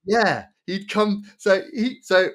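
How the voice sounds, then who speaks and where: A man co-hosting a podcast, telling a story in casual chat. His voice sits a little high, and he talks in an animated way, often repeating himself and restarting his sentences. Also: takes it slowly. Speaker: podcast co-host.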